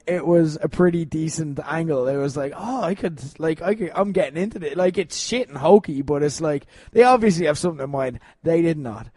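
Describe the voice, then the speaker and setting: A man's voice: high-pitched, a little mellow, dry recording. A man co-hosting a casual podcast, rambling and laughing as he tells stories, swearing now and then. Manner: rambling, laughing, profane storytelling. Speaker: podcast co-host.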